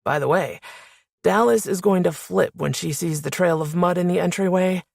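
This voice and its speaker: A woman's voice: fairly low pitch, moderate pace, gravelly, no echo, clean studio sound. A woman reading an audiobook, voicing a cocky, teasing young man who jokes and shows off. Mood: joking. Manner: teasing, showy, puts on a mock English accent. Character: cocky joking young man, head of security.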